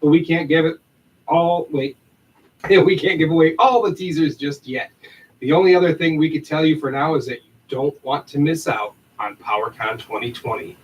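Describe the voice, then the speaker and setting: A man's voice: a little high, normal speed, recorded from a distance, lo-fi sound. A man co-hosting a podcast livestream, reading an upbeat announcement and then chatting and laughing loosely. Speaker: podcast co-host.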